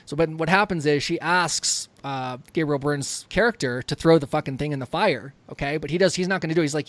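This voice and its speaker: A man's voice: a little high, fairly quick, hardly any pauses, dry recording. A man co-hosting a podcast, chatting casually and profanely about horror films and acting out scenes in quotes. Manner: profane, excited, retells scenes in quoted voices. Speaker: podcast co-host. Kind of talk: casual film discussion.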